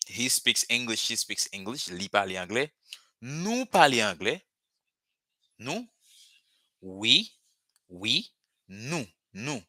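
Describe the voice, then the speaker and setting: Man, forceful bright voice. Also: medium pitch, sing-song, no echo. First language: Haitian Creole. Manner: patient, repeats words slowly for drilling. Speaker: language teacher. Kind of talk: live online language lesson.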